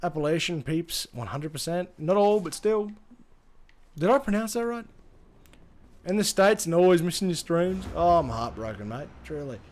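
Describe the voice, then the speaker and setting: A man's voice: high-pitched, moderate pace, long pauses, darkish tone, a little hiss or hum. An Australian man chatting casually on a live gaming stream, rambling, swearing freely and reading chat aloud.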